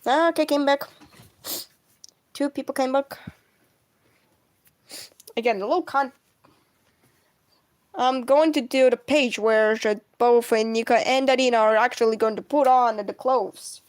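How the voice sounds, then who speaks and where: Rambling woman, higher voice. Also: a little slow, pauses often. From Russia. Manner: rambling, self-correcting, frequent coughs. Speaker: comic artist streaming. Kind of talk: casual live-stream chat while drawing.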